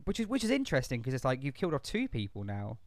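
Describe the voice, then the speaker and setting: A man's voice: mid-range voice, wildly swooping pitch, rapid-fire, no room sound. A man chatting casually as a podcast co-host, rambling with lots of swearing, fillers and restarts. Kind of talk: casual chat.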